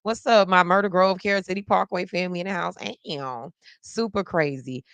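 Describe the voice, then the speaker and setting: A woman hosting a casual live news-reaction stream. She talks straight to her viewers in an animated, chatty way, exclaiming often and repeating phrases for effect. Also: fairly low pitch, fast, hardly any pauses, no echo.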